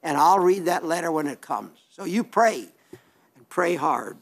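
A man's voice: a little high, lively intonation, a little slow, gravelly. An older man from South Dakota, a radio preacher reading listener letters and giving a plainspoken, folksy sermon that rambles with restarts.

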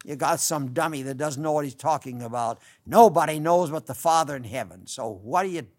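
An older man preaching a radio sermon, fervent and pleading, with loud bursts of emphasis and soft earnest passages, quoting scripture in old-fashioned wording. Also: on the high side, brisk.

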